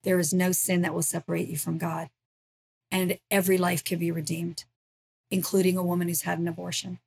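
A woman's voice: fairly low pitch, flat delivery, fairly quick, creaky, darkish tone, slight background noise. Earnest woman sharing her testimony. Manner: earnest, emotional storytelling. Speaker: ministry founder, guest. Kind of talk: personal testimony in a podcast interview.

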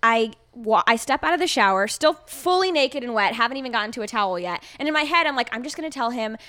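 A woman guest on a podcast, telling a story in casual chat, animated and laughing often, with casual swearing. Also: a little high, fast talker.

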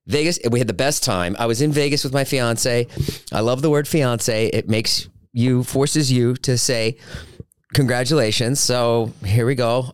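Fifties male podcast host, rambling and self-mocking, smooth clear voice recorded dry. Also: medium pitch, no echo. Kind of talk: casual solo podcast chat.

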